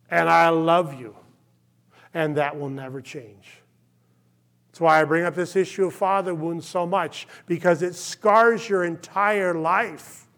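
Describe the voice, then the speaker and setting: A male pastor preaching a sermon, impassioned and then hushed, checking in with "okay?" often. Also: a little high. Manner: impassioned, drops to hushed tones, frequent "okay?" check-ins.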